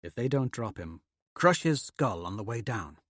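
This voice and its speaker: A man's voice: medium pitch, sing-song, normal speed, breathy edge, no room sound, studio quality. A man playing a hard battlefield commander. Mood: commanding. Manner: commanding, bellowing orders.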